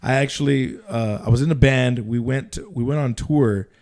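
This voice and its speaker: A man co-hosting a wrestling podcast, chatting in a relaxed, halting way. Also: medium pitch. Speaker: podcast co-host. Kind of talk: casual chat.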